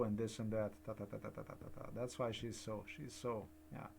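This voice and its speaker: A man's voice: on the low side, little pitch movement, a little fast, gravelly, few pauses, a little hiss or hum. Older man rambling on. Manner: rambling, repetitive, digressive. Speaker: vlogger. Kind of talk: rambling personal commentary.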